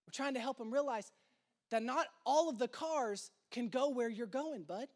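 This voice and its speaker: Male pastor, high voice, casual storyteller who punches key lines. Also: moderate pace. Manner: casual storytelling, animated emphasis. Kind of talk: sermon.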